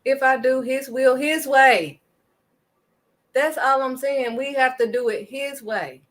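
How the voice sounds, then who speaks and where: A woman's voice: high-pitched, takes it slowly, a bit bright. A woman giving an impassioned faith talk to her viewers, emphatic and preachy, driving points home with a firm "period.". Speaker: faith vlogger.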